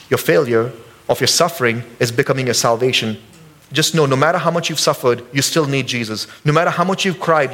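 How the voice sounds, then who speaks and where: A male pastor delivers a sermon at a church service. His voice sits fairly high for a man, and he talks in a casual, joking way with the congregation. When he acts out quotes, his voice leaps up. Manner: animated storytelling, jumps high when acting out quotes.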